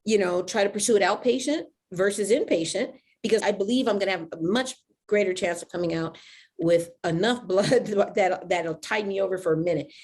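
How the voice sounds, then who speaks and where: A woman speaking plainly and calmly about her own experience, narrating and talking things over candidly. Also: mid-range voice. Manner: measured and plain-spoken, clears her throat often. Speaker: vlogger sharing her illness journey. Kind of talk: personal narration and candid conversation.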